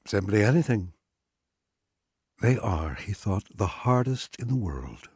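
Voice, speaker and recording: Male audiobook reader, husky low voice, lively expressive reading, dry close sound. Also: unhurried, no room sound. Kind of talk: literary story narration.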